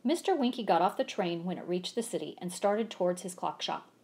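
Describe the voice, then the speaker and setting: A woman's voice: fairly low pitch, fairly quick. A woman reading a children's storybook aloud, acting out the sound effects with gusto. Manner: animated, acts out sound effects.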